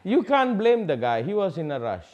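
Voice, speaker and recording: A man giving a public spiritual talk, asking rhetorical questions and swinging from loud declarations to hushed asides. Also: sits high, big pitch swings, normal speed, noisy background. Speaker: spiritual teacher.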